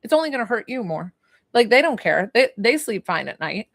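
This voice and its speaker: A woman's voice: on the high side, very animated, brisk, vocal fry, fairly bright tone, no echo. New lady doing a chatty live reading, lots of likes, dry close mic. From New York. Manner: chatty, rambling, full of "like" fillers. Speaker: psychic medium live-stream host. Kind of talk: casual live-stream talk.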